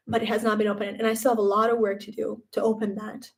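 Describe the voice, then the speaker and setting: A young woman chatting casually on a live stream from home, rambling and animated when quoting others. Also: fairly high pitch, quick pace, few pauses.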